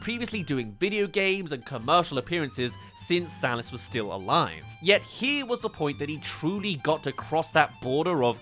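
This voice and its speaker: Bright, lively male film reviewer. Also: on the high side, normal speed, hardly any pauses, soft background music. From United Kingdom. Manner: opinionated and explanatory, with playful asides. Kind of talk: scripted video review commentary.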